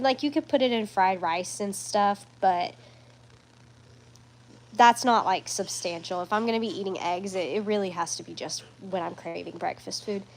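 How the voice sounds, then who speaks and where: A woman's voice: medium pitch, rough recording. A young woman chatting casually in a home vlog, rambling with restarts and fillers. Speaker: vlogger.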